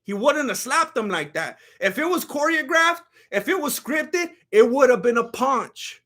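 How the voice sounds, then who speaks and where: Male comedic host, very high-pitched, bright and tense, excitable stammerer. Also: measured pace. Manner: animated, swings between loud outbursts and low mutters; stammers and restarts. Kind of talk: comedic commentary with a sponsor read.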